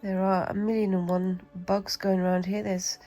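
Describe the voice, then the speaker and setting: A woman's voice: medium pitch, level tone, moderate pace, mellow, soft background music, rough recording. A British woman with a cold, chatting and rambling casually as she demonstrates a craft, talking to herself while she works. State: has a cold. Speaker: craft vlogger.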